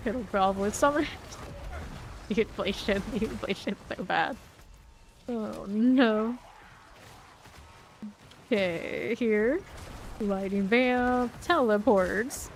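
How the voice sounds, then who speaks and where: A woman's voice: mid-range voice, slow, pauses often. A woman streaming a game, chatting casually with viewers, laughing often and reading their messages aloud. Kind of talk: casual gameplay chat. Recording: faint background noise.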